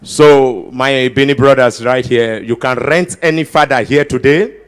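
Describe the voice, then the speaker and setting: A man with a Nigerian accent doing stand-up comedy at a ceremony, bantering with the crowd and slipping into pidgin with sudden loud outbursts. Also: medium pitch, unhurried, smooth. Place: large ceremony before an audience.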